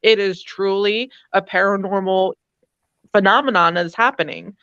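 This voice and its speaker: A woman's voice: medium pitch, normal speed, fairly bright tone, smooth, dry recording. Earnest woman, slightly muffled voice. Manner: earnest, reflective, emphatic. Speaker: paranormal investigator. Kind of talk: casual live-stream chat.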